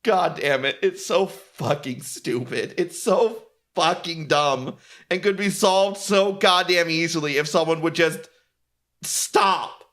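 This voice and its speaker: A man streaming as a VTuber, ranting in a sarcastic, animated way, swearing often and laughing at himself. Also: on the high side, slow pace. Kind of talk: casual stream rant.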